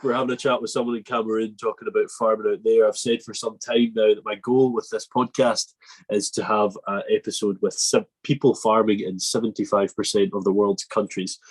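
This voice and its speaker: A man's voice: fairly low pitch, darkish tone, husky, rough recording. A man hosting a farming podcast, chatting casually, joking and laughing at himself. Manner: joking, laughing, self-mocking. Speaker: podcast host. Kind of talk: casual interview chat.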